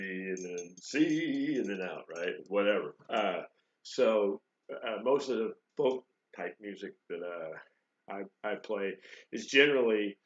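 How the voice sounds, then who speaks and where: Brief: low-voiced New man, joking guitar teacher, roomy lo-fi recording. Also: fairly bright tone. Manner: rambling, joking, with frequent fillers and restarts. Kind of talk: casual spoken guitar lesson. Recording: echoey room, dull lo-fi sound.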